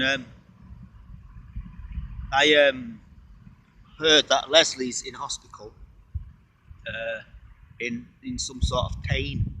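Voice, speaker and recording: A man's voice: medium pitch, gravelly, a bit bright, a little hiss or hum, rough recording. A man hosting a casual livestream, rambling through playful wordplay and chatty asides, sometimes talking while eating. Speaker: livestream host.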